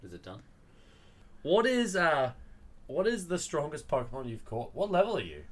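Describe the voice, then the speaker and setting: A man co-hosting a podcast in casual chat, lively and full of questions. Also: on the high side, moderate pace. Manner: lively, asks lots of questions. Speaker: podcast co-host.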